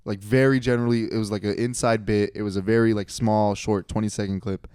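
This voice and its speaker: Young guy rambling through a story on a comedy podcast, smooth clear voice, dead dry sound. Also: on the low side, quick pace, no echo. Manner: rambling, self-correcting, animated when quoting friends. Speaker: podcast co-host.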